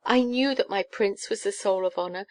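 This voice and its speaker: A woman's voice: mid-range voice, moderate pace, natural voice. A woman reading a storybook, voicing a pushy, clinging old countess who shrieks and gushes. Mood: gushing. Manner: shrieking, gushing and pleading.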